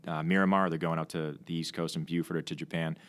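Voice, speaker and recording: A man's voice: rumbling low, flat delivery, fast, fairly bright tone. A man, a Navy fighter pilot and training officer, telling stories in a casual podcast chat, rambling with many restarts and fillers. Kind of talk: casual conversational storytelling. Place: podcast studio.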